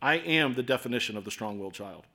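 A man in his forties preaching a sermon in a conversational, self-deprecating way, with swings between loud and soft. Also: mid-range voice, expressive, fast. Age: 40s. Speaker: pastor.

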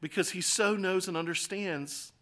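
A man's voice: high voice, steady tone, normal speed, pushed and bright. A man with an American accent preaching a sermon in an earnest, conversational way, full of rhetorical questions. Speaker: pastor.

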